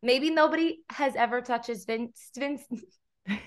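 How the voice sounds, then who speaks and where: A young woman hosting a casual podcast chat, giggly and animated, swearing freely. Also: on the high side, a little slow. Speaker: podcast host.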